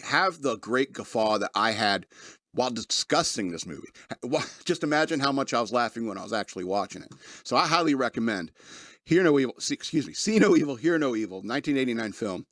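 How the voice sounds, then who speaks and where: A man's voice: mid-range voice, expressive, brisk, fairly bright tone, dry recording, studio quality. A man hosting a podcast, casually reviewing a movie, rambling with lots of fillers and often laughing as he retells scenes.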